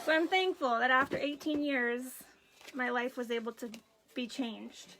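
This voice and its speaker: A woman's voice: sits high, measured pace, background noise. A woman in her forties telling a personal story while tearful, acting out what others said. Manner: emotional, tearful storytelling with quoted dialogue. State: crying, runny nose. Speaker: craft vlogger. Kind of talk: personal story on a live video.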